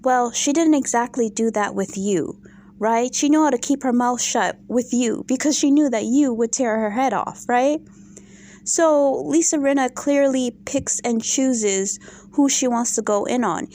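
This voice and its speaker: A woman with a high, bright-sitting voice talks straight to camera in a casual commentary vlog. She sounds exasperated and animated, stacking rhetorical questions as she picks apart a reality show. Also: measured pace.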